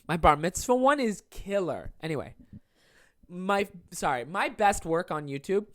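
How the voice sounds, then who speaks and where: A stand-up comedian in his 20s hosts a casual solo podcast monologue in a high-pitched, very animated but unhurried voice. He rambles, swears constantly and puts himself down, with a dry, close sound and no room echo.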